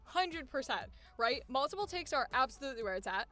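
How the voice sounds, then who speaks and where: High bright-voiced woman coach. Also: fairly quick, soft background music. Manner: energetic, emphatic, laughs often, swears casually. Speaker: voice acting coach. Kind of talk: coaching session.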